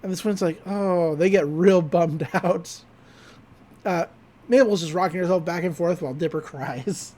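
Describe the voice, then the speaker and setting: A podcast host casually recapping a cartoon episode, telling it in an animated way and laughing often. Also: medium pitch, a little slow.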